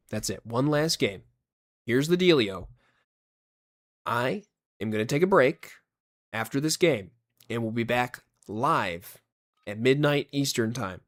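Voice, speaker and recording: A male game streamer talking casually to his viewers as he plays. His pitch swings up and down a lot, and he keeps a jokey, chatty tone throughout. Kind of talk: casual livestream chat over gameplay.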